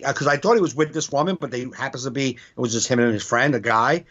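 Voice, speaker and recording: A man's voice: mid-range voice, rapid-fire, few pauses. A man, a stand-up comedian, telling club stories in casual, profane podcast chat. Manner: profane, animated storytelling with acted quotes. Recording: dull lo-fi podcast audio.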